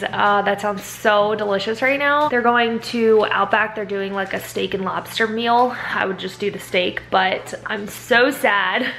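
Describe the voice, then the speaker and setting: A woman's voice: medium pitch, creaky, fairly bright tone. Worn-out young mom rambling on her vlog, tired voice, says like a lot. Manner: weary, rambling, heavy use of "like". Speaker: vlogger and mother. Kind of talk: casual vlog chat. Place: at home.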